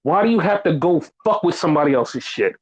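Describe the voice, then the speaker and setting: On a wrestling podcast, a male co-host with a slightly high, husky voice talks fast with lively intonation, the recording itself rough. He rants in exasperation, swearing heavily and mocking fans by imitating them in quoted voices.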